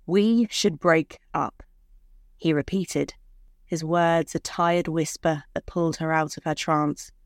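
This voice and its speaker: A woman telling a short story in scripted, measured narration. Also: sits low, no room sound, studio quality.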